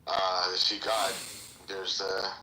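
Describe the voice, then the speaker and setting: A man's voice: deep voice, completely flat delivery, slow, sharp tone. A man telling a rambling story in casual podcast chat, in an echoey room with some noise.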